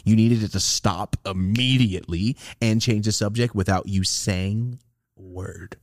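A man co-hosting a podcast, telling stories in a casual, profane, animated way, jumping into loud high-pitched outbursts when he quotes people. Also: no echo, clean studio sound. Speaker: podcast co-host.

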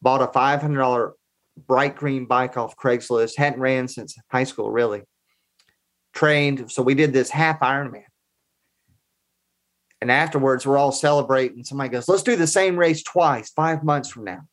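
A man's voice: mid-range voice, moderate pace, a bit bright. A man in his forties telling personal stories as a guest in a casual interview, in an earnest, conversational way. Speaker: podcast guest.

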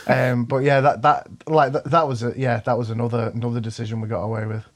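A man talking as a podcast guest in casual chat, animated and full of sweary banter. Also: mid-range voice, quick pace, a little hiss or hum.

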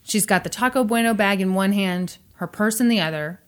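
A woman hosting a podcast, retelling a true crime story in casual chat with animated, sarcastic asides. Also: medium pitch, a little fast.

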